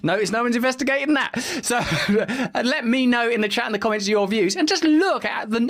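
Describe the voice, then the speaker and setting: A man's voice: extremely high pitch, lively intonation, fairly quick, a bit bright. A man, hosting and giving sarcastic, mocking commentary on news clips, swearing casually. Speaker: podcast host.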